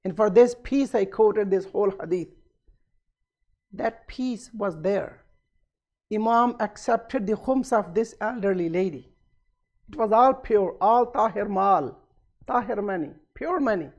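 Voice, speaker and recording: A man's voice: high-pitched, unhurried, muffled recording. A man preaching a sermon at a community centre, retelling a story and acting out its dialogue with rising emphasis.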